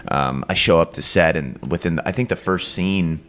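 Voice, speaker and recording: A man's voice: low-pitched, normal speed, fairly bright tone. A man in his twenties from Iowa, an actor telling stories in a casual interview, rambling with restarts and frequent laughs. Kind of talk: casual storytelling.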